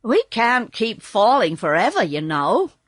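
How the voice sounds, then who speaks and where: A woman's voice: a little high, sing-song, unhurried, no room sound, studio quality. A woman voicing a nervous, stammering young farm boy in a storybook reading.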